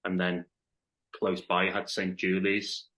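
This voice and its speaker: A man in his thirties with a Liverpool accent talks as a podcast guest. His voice sits low, and he speaks in an easygoing way, circling back and restarting sentences as his thoughts unfold. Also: completely flat delivery, slow pace, sharp tone. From Liverpool, England. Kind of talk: casual chat.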